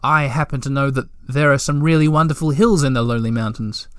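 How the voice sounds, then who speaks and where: A man's voice: mid-range voice, quick pace, a bit bright, clean tone, no room sound, clean studio sound, lightly acted. A man voicing an anxious, kindhearted young male troll creature in a storybook reading, talking nervously and pleading.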